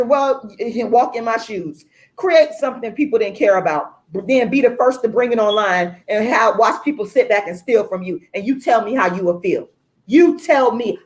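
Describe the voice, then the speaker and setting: A woman's voice: medium pitch, animated, moderate pace. A woman author and activist, angry and outraged, swearing a lot and repeating her points for emphasis as she rants to viewers on a livestream. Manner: angry, profane and emphatic, repeating lines for force.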